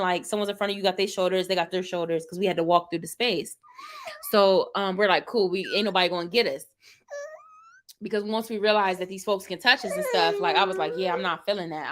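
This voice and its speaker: A woman vlogger telling a funny story in casual chat, animated and laughing, acting out quotes with big jumps in her voice. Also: mid-range voice.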